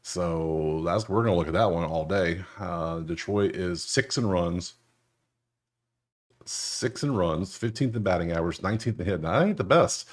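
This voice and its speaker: A young man casually breaking down baseball betting picks over a screen share, slangy and joking, with loud incredulous outbursts. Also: sits low, normal speed. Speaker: sports betting analyst.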